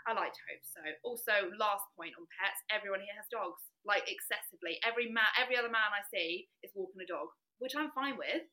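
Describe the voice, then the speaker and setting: Young woman, fast talker, bright tone, chatty and upbeat, podcast guest. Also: mid-range voice. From England. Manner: chatty, upbeat, laughs often. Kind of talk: casual podcast chat.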